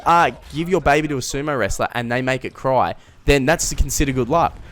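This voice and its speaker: A man's voice: medium pitch, fairly bright tone. A young man telling a rambling, self-mocking story in a casual comedic vlog, chuckling mid-sentence. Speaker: vlogger.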